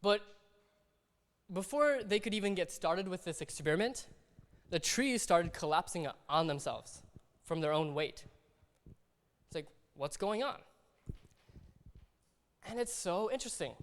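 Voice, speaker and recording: A man's voice: sits high, lively intonation, unhurried, long pauses. A man preaching a sermon in a conversational way, acting out little everyday scenes as he talks. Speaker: pastor. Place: church hall. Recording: long hall reverb.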